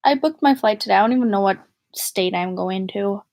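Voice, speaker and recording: A woman's voice: mid-range voice, fairly quick, darkish tone, slight background noise. A young woman from the northern United States chatting casually to viewers on a livestream, rambling and giggly. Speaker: vlogger.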